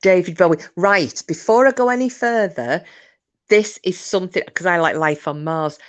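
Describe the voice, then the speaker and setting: Female streamer with a low voice, casual rambling host. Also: moderate pace. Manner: chatty, rambling, chuckling asides. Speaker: livestream host. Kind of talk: casual chat reading viewer comments.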